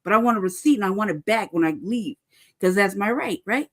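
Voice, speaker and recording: A woman's voice: mid-range voice, animated, fairly quick. A woman angrily recounting events in casual, profane chat, stressing each point and often tagging "right?". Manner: heated, profane, emphatic; peppers talk with "right?" and "cuz". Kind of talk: casual storytelling.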